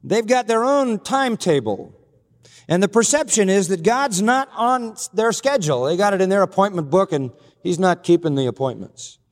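A man preaching a sermon with earnest, emphatic delivery. His voice sits a bit high for a man, and he lays out his points in slow, deliberate lists. The sound carries a long reverb, as from a large hall. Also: animated. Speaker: pastor.

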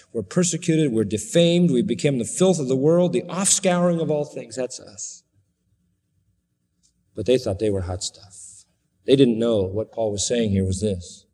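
A man's voice: mellow, breathy edge. Emphatic male preacher in a reverberant hall. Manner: emphatic, swings to high sarcastic tones when quoting. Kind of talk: expository sermon.

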